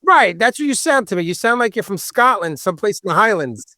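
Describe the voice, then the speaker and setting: A man with a Long Island New York accent and a loud, distinctive voice, joking and chatting as a podcast host. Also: high voice, brisk, no room sound, clean studio sound. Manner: animated, joking, talkative. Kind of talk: casual podcast chat.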